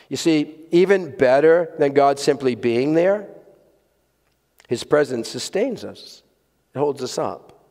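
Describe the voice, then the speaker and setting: A man's voice: fairly high pitch, animated, measured pace, darkish tone. Emphatic man preaching in a reverberant hall. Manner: emphatic, earnest, repeats key words for stress. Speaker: pastor. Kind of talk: sermon. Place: church sanctuary with congregation.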